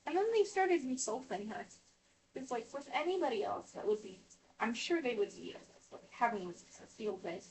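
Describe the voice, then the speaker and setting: High-voiced woman rambling, mic far off. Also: lively intonation, normal speed. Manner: rambling with many restarts and fillers. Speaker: vlogger. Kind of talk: casual rambling storytelling. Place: home kitchen, indoors. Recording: voice distant from the mic.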